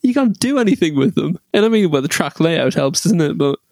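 Male co-host, high-pitched, dry mic, jokey rambling talker. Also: lively intonation, brisk, a little mellow, no echo. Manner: rambling, jokey, laughs often. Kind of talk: casual motorsport chat.

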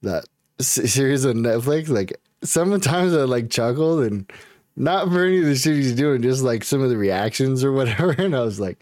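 A man in casual podcast chat who rambles, swears freely and keeps breaking into laughter. His voice sits at an ordinary pitch, and the recording is dry and close. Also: lively intonation, moderate pace, a little mellow, no room sound. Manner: rambling, giggly, crude, swears a lot. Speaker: podcast co-host.

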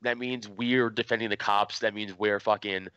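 A man hosting a podcast in casual chat, telling stories in an animated, profane way. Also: on the low side, normal speed, lo-fi sound, slight background noise. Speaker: podcast host.

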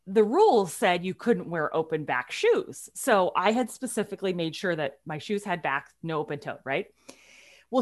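A woman with a medium-pitched voice co-hosts a podcast, telling a story in a chatty, animated way. It's casual chat, and she laughs often.

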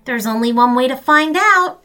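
A woman's voice: high voice, expressive, moderate pace, pushed and bright, pitched above the performer's own voice. A woman playing a polite, brave boy. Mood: eager. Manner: eager and polite.

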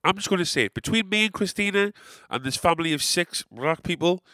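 A man's voice: high-pitched, fairly quick, no echo. Rambling, swearing Englishman with a dry sound. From England. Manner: rambling and animated, swears a lot, sarcastic asides. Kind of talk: casual anecdote telling.

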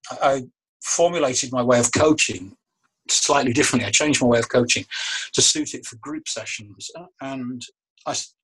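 A man with a husky, breathy edge to his voice talks through breathwork and ritual methods as an interview guest. He speaks over a remote call, pausing and restarting his sentences as he thinks. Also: medium pitch, fairly bright tone, rough recording. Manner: thoughtful, restarts phrases, many ums. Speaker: guest, magician and breathwork coach. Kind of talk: relaxed explanatory interview talk. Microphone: video call.

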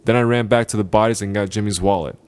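A man hosting a podcast, reading a short story aloud in a slow, deliberate way. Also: fairly low pitch, steady tone, darkish tone, smooth. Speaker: podcast host.

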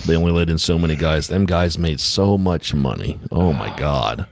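Deep-voiced gruff trucker man. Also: moderate pace, darkish tone, a little hiss or hum. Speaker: podcast co-host, trucker. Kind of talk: casual storytelling chat.

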